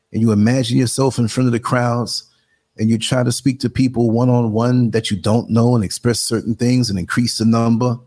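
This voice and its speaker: A man in his sixties with a New York accent, hosting a live show and chatting casually, telling animated stories and acting out quotes in a higher voice. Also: breathy edge. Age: 60s. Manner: animated storyteller, acts out quotes in a higher voice, laughs often. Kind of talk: casual live-stream chat.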